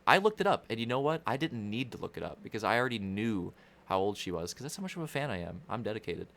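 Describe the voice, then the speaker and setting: A man's voice: lowish voice, lively intonation, quick pace, vocal fry, fairly bright tone. A young man rambling through casual livestream race commentary, profane and constantly interrupting himself.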